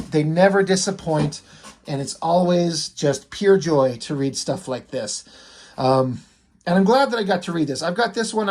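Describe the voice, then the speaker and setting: A man's voice: fairly high pitch, darkish tone. A man talking casually and with enthusiasm as he reviews a comic, rambling a little and using lots of fillers.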